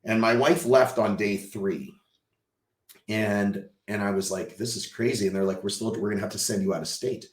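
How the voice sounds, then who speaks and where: Lower-voiced man telling a gripping story. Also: moderate pace, echoey room. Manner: vivid storyteller who acts out quoted dialogue; swings from hushed to loud and excited. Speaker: podcast guest. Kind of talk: emotional personal storytelling.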